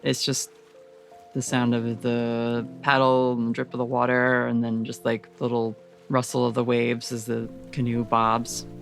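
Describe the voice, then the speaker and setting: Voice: mid-range voice, completely flat delivery, unhurried, creaky, soft background music. A game master narrating a tabletop role-playing scene in a casual, filler-heavy way.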